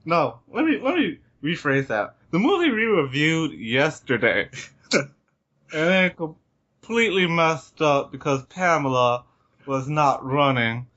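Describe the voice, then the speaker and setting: A man's voice: a little high, a bit bright. A man hosting a podcast in casual chat, joking and laughing often. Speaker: podcast host. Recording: dull lo-fi podcast recording.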